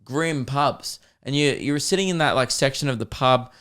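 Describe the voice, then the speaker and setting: An Australian man hosts a comedy podcast and tells rambling stories. He talks in a casual, animated way at an ordinary male pitch. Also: normal speed, clean tone. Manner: rambling, animated, slips into voices.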